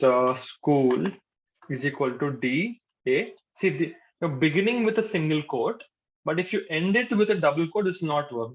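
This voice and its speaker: Man teaching code, lo-fi sound. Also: on the high side. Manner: patient, repeats points, says "okay" often. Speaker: programming instructor. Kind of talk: live coding lecture to a class. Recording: dull lo-fi sound.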